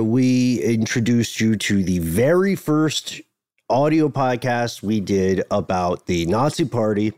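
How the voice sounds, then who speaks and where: A man's voice: medium pitch, darkish tone, no echo, clean studio sound. A man co-hosting a podcast in casual chat, rambling and often correcting himself. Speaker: podcast co-host.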